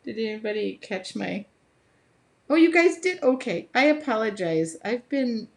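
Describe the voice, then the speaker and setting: A woman's voice: a little high, expressive, a little slow, creaky. An American woman from the Midwest, hosting a casual live stream while she paints, chatting with viewers, laughing often and breaking into bits of song. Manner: chatty, laughs often, sings snatches of songs; reads viewer comments aloud.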